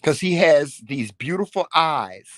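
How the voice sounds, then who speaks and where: Teasing, animated man on a couple vlog. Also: fairly high pitch, measured pace, dry recording. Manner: salty, profane. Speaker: vlog co-host. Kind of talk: casual couple chat.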